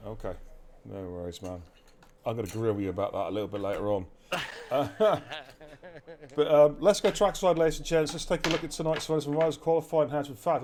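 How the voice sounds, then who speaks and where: A man's voice: mid-range voice, a little mellow, a little hiss or hum. A man hosting live esports race commentary, chatty and jokey, talking to the stream chat.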